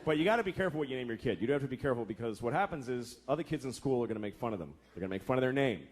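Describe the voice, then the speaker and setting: Animated profane stand-up comic man. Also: mid-range voice, racing, a faint crowd. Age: 30s. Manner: profane, exasperated, acts out quoted voices. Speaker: stand-up comedian. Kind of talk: stand-up comedy routine. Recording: noisy live club recording.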